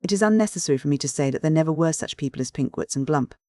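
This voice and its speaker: A narrator reading a classic novel in a steady, measured audiobook style. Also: medium pitch, no echo.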